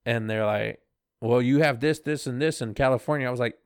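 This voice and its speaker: A man's voice: medium pitch, a little fast, clean tone, no echo, studio quality. A man co-hosting a podcast, telling a story in laid-back slang and quoting what others said to him. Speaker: podcast co-host. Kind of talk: casual storytelling chat.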